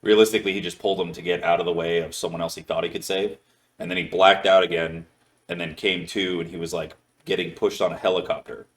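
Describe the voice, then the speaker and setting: A man's voice: deep voice, steady tone, fast talker. A man hosting a podcast, telling a long story in casual chat, swearing a lot and filling his talk with "like". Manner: rambling, heavy swearing, many "like" fillers. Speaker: podcast host.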